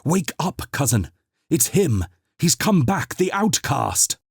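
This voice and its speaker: A man voicing a panicky, scheming male cousin who pleads in a shrill, urgent voice. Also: sing-song, takes it slowly, creaky, husky, no room sound, studio quality, full character voice. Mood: alarmed.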